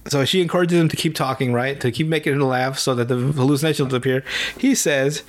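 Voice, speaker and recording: A man's voice: medium pitch, lively intonation, a little fast, hardly any pauses. A man co-hosting a podcast, casually recapping a show, rambling and swearing, acting out the characters' lines in mock voices. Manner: rambling, profane, acts out quotes in mock voices. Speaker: podcast co-host.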